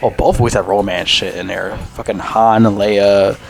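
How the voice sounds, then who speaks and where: A man in his twenties talks through a film in a loose, rambling way, swearing freely and giving blunt opinions. His voice sits fairly low. Faint music plays behind him. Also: steady tone, normal speed, vocal fry. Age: 20s. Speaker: movie reviewer. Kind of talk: casual vlog review.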